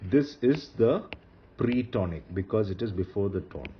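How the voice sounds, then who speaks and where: A man's voice: lowish voice, animated, moderate pace. A man teaching a screen-recorded lesson, explaining patiently, with fillers and restarts. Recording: slightly muffled, faint background hiss.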